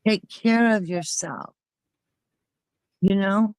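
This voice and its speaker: A woman's voice: mid-range voice, takes it slowly, darkish tone, clean tone, no room sound, rough recording. A woman hosting a casual chat with friends, talking in an indignant, emphatic way.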